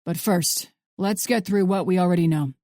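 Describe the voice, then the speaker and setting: A woman voicing a gruff male FBI supervisor who talks flatly and bluntly. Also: fairly low pitch, normal speed, no echo, studio quality, close to an everyday voice. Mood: brusque. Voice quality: flat, curt delivery.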